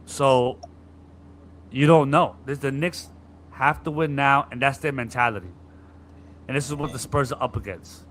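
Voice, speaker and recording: Bright-voiced man in animated sports chat. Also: mid-range voice, normal speed, pauses often. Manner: animated, acts out players' griping with profanity. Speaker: podcast co-host.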